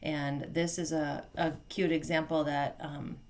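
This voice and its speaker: A woman's voice: deep voice, level tone, measured pace. A middle-aged woman coaching on family communication in a casual, chatty teaching manner, with fillers and self-corrections. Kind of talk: casual instructional talk.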